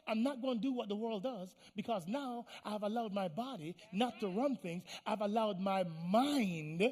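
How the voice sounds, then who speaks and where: A man preaching a sermon as pastor, pleading and repeating phrases, swinging from hushed tones to loud, fiery declarations. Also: high voice, moderate pace, hardly any pauses. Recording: long hall reverb.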